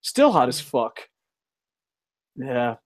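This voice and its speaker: A man's voice: medium pitch, very animated, very slow. A man hosting a casual live stream, reading chat, swearing and ranting, laughing often. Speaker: host.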